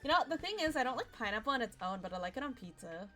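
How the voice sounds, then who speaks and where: A young woman streaming a game, chatty and excitable, with a voice still rough from a nap. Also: on the high side, very fast, soft background music. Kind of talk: casual game commentary.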